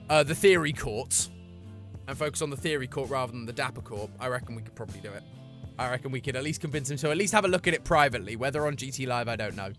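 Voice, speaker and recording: A man chatting casually with his live-stream chat, playful and full of quick asides. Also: medium pitch, fairly bright tone.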